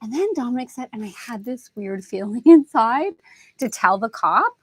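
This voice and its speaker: A middle-aged woman hosts a spiritual lesson talk, telling stories with animation and acting out the voices of family members. Her husky voice sits on the high side with lively intonation at a normal speed. There's no echo.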